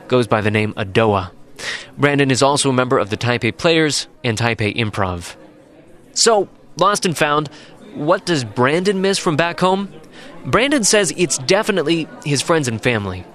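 A man's voice: medium pitch, expressive, moderate pace, fairly bright tone, faint music behind. A man hosting a storytelling radio show, introducing guests in a dry, wry scripted way. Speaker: radio host.

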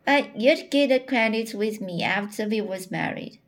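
Blunt young country farmhand, read by a woman, slow and few-worded. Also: mid-range voice, animated. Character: lanky blunt young farmhand suitor, male.

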